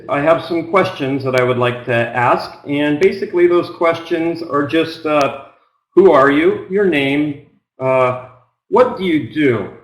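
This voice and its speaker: A middle-aged man from Oregon with a plain Pacific Northwest American accent, teaching an online business English trial lesson in a slow, unhurried way with frequent ums. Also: a little high, echoey room, low-quality recording. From Oregon, United States.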